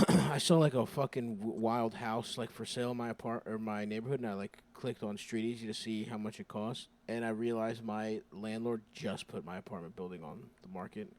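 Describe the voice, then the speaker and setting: A man co-hosting a podcast, laid-back and profane, tossing in deadpan quips. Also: fairly low pitch, brisk, few pauses, dry recording. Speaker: podcast co-host. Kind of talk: crude comedic podcast banter.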